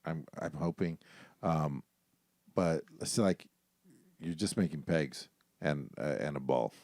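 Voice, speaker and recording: A man's voice: extremely low pitch, takes it slowly, darkish tone, dry recording, clean studio sound. A man co-hosting a gaming podcast, talking casually and rambling with lots of fillers. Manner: laid-back, rambling with many fillers. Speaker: podcast co-host. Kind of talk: casual chat.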